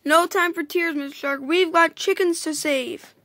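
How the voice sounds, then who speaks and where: A woman voicing a bossy female spider hacker, reading the lines aloud haltingly with restarts, in a high voice. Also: sharp tone, slight background noise, heavily acted. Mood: explaining, bossy.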